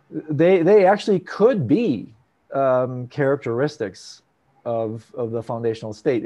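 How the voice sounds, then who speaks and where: Animated man teaching on a video call. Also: mid-range voice. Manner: animated, swings between loud bursts and soft asides. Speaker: meditation teacher. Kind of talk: live online Q&A teaching.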